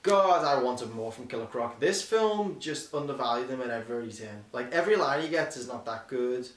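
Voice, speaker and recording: A man's voice: medium pitch, animated, normal speed, distant mic. A man co-hosting a podcast, reviewing a film in casual, rambling chat full of swearing and restarts. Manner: rambling, profane, acts out quotes in silly voices. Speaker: podcast co-host. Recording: echoey room, slightly off-mic.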